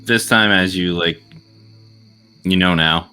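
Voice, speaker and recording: Bright-voiced male game master. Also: deep voice, slow pace, soft background music. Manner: loose, vivid narration with sound effects. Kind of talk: narrating a tabletop game.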